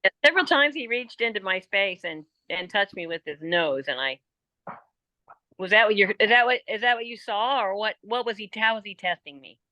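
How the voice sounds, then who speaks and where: A woman riding student asking her instructor hesitant, halting questions. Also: medium pitch, lively intonation, bright, forceful tone, no room sound.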